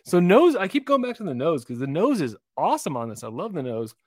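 A man co-hosting a casual whiskey tasting chat, animated and quick to laugh, acting out quotes. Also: on the high side, dry recording, clean studio sound. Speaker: co-host, whiskey reviewer.

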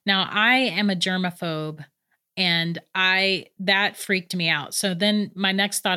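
Bright-voiced woman telling a ghost story. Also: medium pitch, measured pace. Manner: chatty, animated, laughs between lines. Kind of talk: casual spoken ghost story.

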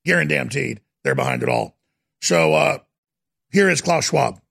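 A man hosting a political talk radio show, ranting in a heated, emphatic, rapid-fire way. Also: a little high, wildly swooping pitch, gravelly, a bit bright.

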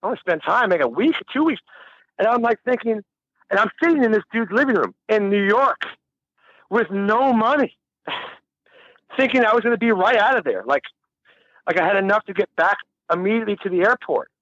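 A man's voice: high-pitched, normal speed, pauses often, fairly bright tone, dry recording, muffled recording. A man telling a long, rambling story in a casual interview, laughing and swearing freely. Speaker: musician guest.

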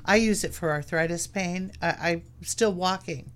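A woman guest in a casual chat who talks in a relaxed way with frequent hesitations. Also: lowish voice, normal speed. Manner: relaxed, hesitant, many ums.

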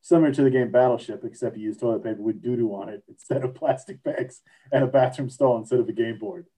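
A man's voice: medium pitch, fast, warm tone, poor audio. A man co-hosting a casual podcast chat, reading out crude slang definitions and joking along. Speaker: podcast co-host.

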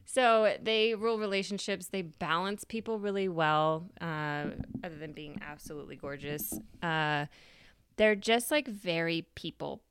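A woman's voice: fairly low pitch, measured pace, a bit bright, clear, resonant tone. A woman hosting a podcast, telling a story in a chatty, casual way with free swearing. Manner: chatty, swears freely, laughs. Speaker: podcast host.

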